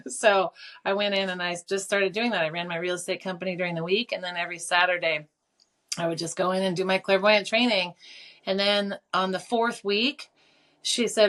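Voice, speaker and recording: A middle-aged woman telling her story as an interview guest, animated and casual, with lots of fillers and free swearing. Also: lowish voice, brisk. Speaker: clairvoyant and teacher, guest.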